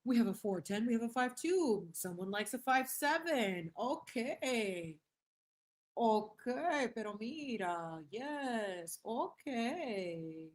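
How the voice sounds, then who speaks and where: A woman hosting a casual livestream, chatting in a lively, slangy way, reading the chat aloud and dropping in Spanish phrases. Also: on the high side, takes it slowly. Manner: laughs often and reads chat aloud. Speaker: livestream host.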